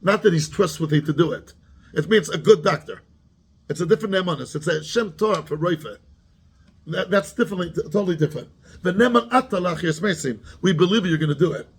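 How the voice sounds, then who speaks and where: A man's voice: high-pitched, fairly quick, breathy edge. A man, a rabbi giving a Torah class who keeps asking his students questions and mixes Hebrew terms into his English.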